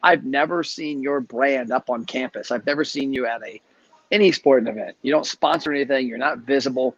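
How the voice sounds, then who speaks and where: A man hosting a casual live chat, telling stories in a brisk, chatty way. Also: medium pitch, a bit bright, dry recording. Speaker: host. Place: travelling, speaking from a hotel. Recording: dull lo-fi live stream audio.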